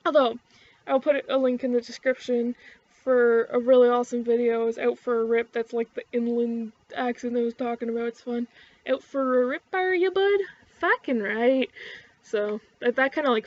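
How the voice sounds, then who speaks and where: A woman's voice: on the high side, a little mellow, highs cut off. A young woman with an Ottawa-area Canadian accent, chatting casually to camera in a rambling, sweary way, full of fillers and restarts. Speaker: vlogger.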